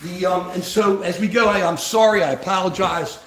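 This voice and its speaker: A man's voice: sits high, fairly even intonation, moderate pace, fairly bright tone, slight background noise. A man hosting a political commentary livestream, talking with passion, asking rhetorical questions and often repeating his words. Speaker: livestream host. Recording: echoey room.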